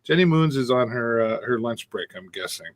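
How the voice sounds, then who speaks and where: Easygoing male co-host for a casual stream, teasing, laughs often, medium pitch. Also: lively intonation, normal speed. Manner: easygoing, teasing, chuckles a lot. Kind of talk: casual live-stream chat.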